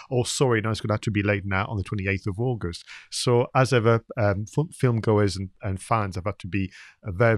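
A man's voice: fairly low pitch, dry recording, clean studio sound. A man co-hosting a podcast, chatting casually about film marketing with frequent fillers and restarts. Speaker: podcast co-host.

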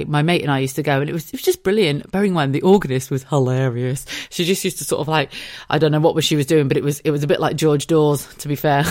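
A woman in her thirties from Cheshire in England with an English accent, hosting a solo podcast in a chatty, animated way and swearing freely. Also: deep voice, fast talker. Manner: chatty, swears freely, animated storytelling with put-on quoted voices. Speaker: podcast host.

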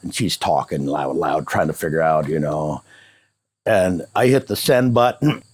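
A man's voice: extremely low pitch, animated, moderate pace, darkish tone, no room sound. A man, an interview guest, casually telling a personal story and acting out both sides of the remembered dialogue.

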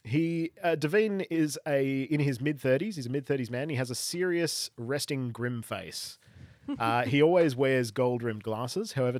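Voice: mid-range voice, darkish tone, no room sound, studio quality. A game master narrating a tabletop role-playing game in a loose, laughing, filler-heavy way.

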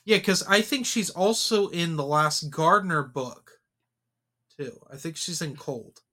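A man talks through a movie in a casual podcast chat, opinionated and animated. His voice is bright and forceful and sits a bit high for a man. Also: unhurried. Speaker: podcast co-host. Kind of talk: casual film discussion.

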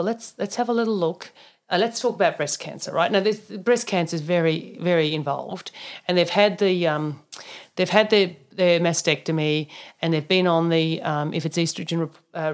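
A woman with a slightly low voice talks through client stories on a casual podcast. She is animated and blunt, with the odd mild swear. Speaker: naturopath, podcast co-host.

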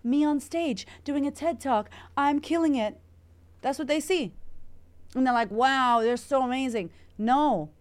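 A woman from Puerto Rico, a confidence coach hosting an Instagram live Q&A, talking in a brash, energetic way full of swearing while she answers viewer comments. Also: high-pitched, unhurried. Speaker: confidence coach and podcast host.

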